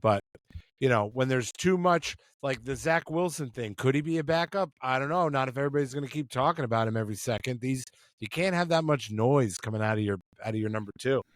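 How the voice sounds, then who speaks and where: A man's voice: medium pitch, lively intonation, quick pace, no echo. A man co-hosting a casual sports podcast, joking and rambling with restarts over a remote call. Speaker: podcast co-host. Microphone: remote call mic.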